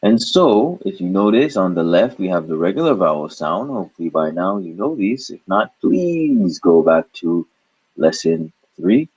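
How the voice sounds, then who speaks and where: A man's voice: low-pitched, sing-song, moderate pace, a little mellow, husky. A man teaching a recorded language lesson, explaining patiently and asking and answering his own questions. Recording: dull lo-fi recording.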